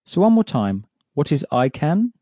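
A man teaching a language lesson, explaining pronunciation patiently and clearly. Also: fairly high pitch, sing-song, normal speed, warm tone, no echo, studio quality. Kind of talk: explaining an audio course lesson.

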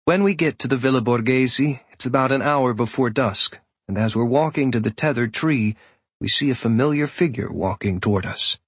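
A man giving steady first-person audiobook narration. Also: mid-range voice, normal speed, slightly rough, dry recording.

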